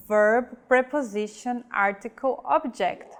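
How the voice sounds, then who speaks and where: A woman teaching a scripted pronunciation lesson, reading example words slowly and carefully. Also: on the high side, animated. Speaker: language teacher.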